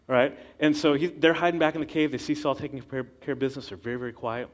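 A man's voice: medium pitch, steady tone, quick pace, few pauses. Man telling a conversational sermon. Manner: conversational storytelling with acted quotes. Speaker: preacher.

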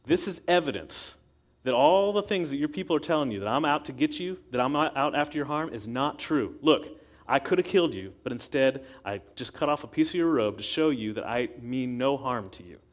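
A man's voice: mid-range voice, lively intonation, a little fast. A man preaching a sermon in a casual, storytelling way, acting out the quotes he tells. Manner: conversational storytelling with acted quotes.

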